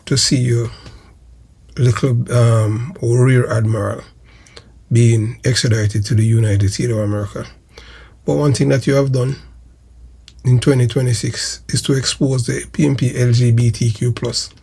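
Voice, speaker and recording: Jamaican guy ranting at someone on his channel, gravelly husky voice, keeps hammering the same points. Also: mid-range voice, warm tone. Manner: denouncing, repetitive, slow and emphatic. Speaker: channel host. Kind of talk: accusatory commentary monologue.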